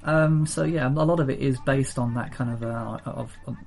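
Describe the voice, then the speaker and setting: A man's voice: medium pitch, moderate pace, gravelly, a little mellow. A man co-hosting a casual film chat podcast, talking in a rambling, playful way with many fillers. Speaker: podcast co-host.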